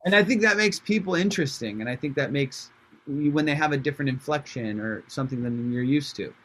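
A man's voice: medium pitch, expressive, fairly quick, fairly bright tone. A young adult man, a comedian guest from Iran, chatting casually and animatedly on a podcast, laughing often and swearing freely.

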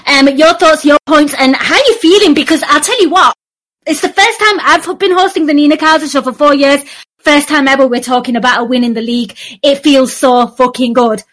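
Host, female, high voice, bantering and salty-mouthed. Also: a little fast, a bit bright. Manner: teasing, swears freely, laughs often. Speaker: podcast host. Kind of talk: casual football call-in chat.

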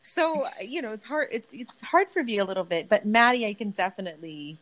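A woman co-hosting a casual podcast chat, laughing often and talking in an animated way, now and then swearing. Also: mid-range voice, a little fast, rough recording. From Texas, US. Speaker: podcast co-host.

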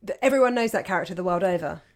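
A woman's voice: on the low side, very fast. Woman, easygoing and chatty, laughs a lot, podcast cohost. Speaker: podcast co-host. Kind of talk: casual chat.

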